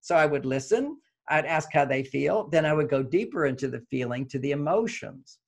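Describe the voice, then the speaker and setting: High-voiced man giving relationship advice. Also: expressive, moderate pace, creaky. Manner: earnest, explanatory, repeats key phrases. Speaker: relationship therapist and author.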